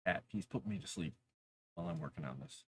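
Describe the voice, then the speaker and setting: A man's voice: sits low, quick pace, fairly bright tone, a little hiss or hum. A man chatting casually on a live stream while writing fantasy lore, rambling, talking to his cat and reading chat aloud.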